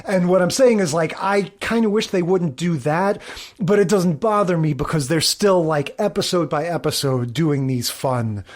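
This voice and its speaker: A man's voice: a little high, normal speed. Chatty male podcast co-host recapping. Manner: chatty recapping, retells scenes with quoted lines. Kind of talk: casual chat.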